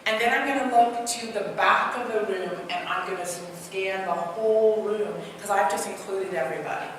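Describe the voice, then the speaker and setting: A woman from Trinidad giving an interactive workshop talk, animated and quizzing her audience. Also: medium pitch, fairly quick. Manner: animated, asks the audience many questions. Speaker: speaker and trainer. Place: large hall. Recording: echoey hall from far off, noisy.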